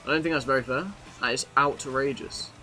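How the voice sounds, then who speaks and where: Bright-voiced young British streamer. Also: male voice, mid-range voice, steady tone, a little fast, faint music behind. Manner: chatty, swears freely, talks to chat while playing. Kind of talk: casual live-stream commentary.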